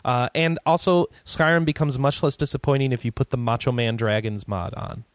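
A man's voice: medium pitch, fairly quick. A man hosting a gaming podcast, joking around and handing out topics to the others. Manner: joking, runs the questions. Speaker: podcast host. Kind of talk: casual podcast chat.

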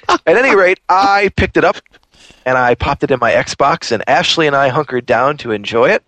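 A man's voice: a little high, expressive, normal speed, a bit bright, dry recording. A man hosting a podcast, ranting animatedly in casual chat. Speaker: podcast host.

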